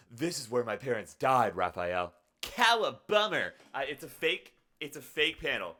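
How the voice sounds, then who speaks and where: A man's voice: mid-range voice, pushed and bright. A man streaming live in casual chat, rambling in a playful, self-deprecating way.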